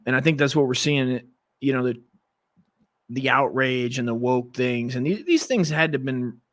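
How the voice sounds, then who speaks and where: A man's voice: medium pitch, fairly bright tone, no room sound. A male comedian hosting his show, rambling crudely and restlessly as he reacts to clips. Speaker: comedian host. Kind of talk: profane comic rant reacting to clips.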